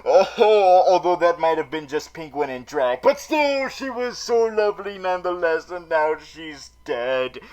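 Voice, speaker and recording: A melodramatic super villain vlogger, played by a man, hosting a comedic recap show. He stammers and repeats words in a high voice, swinging between gushing and grumbling. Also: big pitch swings, unhurried, few pauses, darkish tone, poor audio. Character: theatrical male super villain vlogger, dramatic. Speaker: vlog host. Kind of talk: comedic in-character recap vlog.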